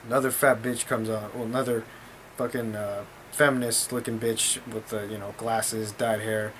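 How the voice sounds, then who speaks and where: A man's voice: lowish voice, steady tone, moderate pace, fairly bright tone, a little hiss or hum. A man telling a story in a casual vlog, talking in a blunt, profane, rambling way.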